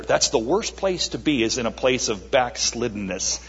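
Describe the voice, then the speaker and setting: A man preaches at a church service in a husky voice that stays at a middle pitch. He takes his time, pausing for effect and repeating words. The recording sounds dull and lo-fi. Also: lively intonation, a bit bright. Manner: slow, emphatic preaching with dramatic pauses and repeated words. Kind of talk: sermon with an altar call.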